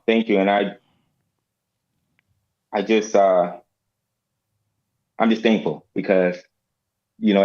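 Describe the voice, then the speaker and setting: A man in his forties speaking reflectively and haltingly in casual talk. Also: deep voice, a little mellow, muffled recording. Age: 40s. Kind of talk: casual chat.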